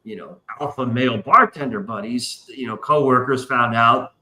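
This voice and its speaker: A man's voice: mid-range voice, normal speed, bright, forceful tone, echoey room. A man hosting a casual livestream chat, telling long rambling profane stories. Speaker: podcast host.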